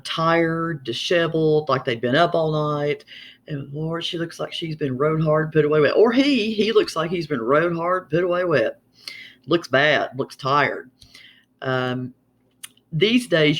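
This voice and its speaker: A man's voice: fairly high pitch, a bit bright. Folksy Southern Appalachian man. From Southern Appalachia, USA. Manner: chatty, folksy, drawn-out twang. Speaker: vlogger explaining regional sayings. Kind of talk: casual explanatory monologue.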